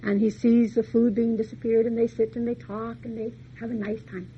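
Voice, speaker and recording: A woman's voice: fairly high pitch, little pitch movement, fairly quick, highs cut off, slight background noise. A woman lecturer retelling a fairy tale in a folksy, chatty way, full of homey asides. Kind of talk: storytelling lecture.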